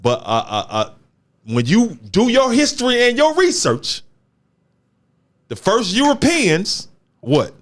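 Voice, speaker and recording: A man in casual conversation, his voice sitting a little high and swinging widely up and down. He talks with animated emphasis and loose street slang, often repeating words to drive a point home. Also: takes it slowly, pauses often. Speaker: show host. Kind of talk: casual chat.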